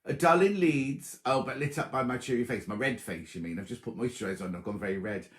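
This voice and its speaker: Chatty man hosting a live sewing stream, mid-pitched, teasing, roomy echo. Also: fast. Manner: chatty, teasing, greets viewers by name. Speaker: sewing show host. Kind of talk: casual livestream chat.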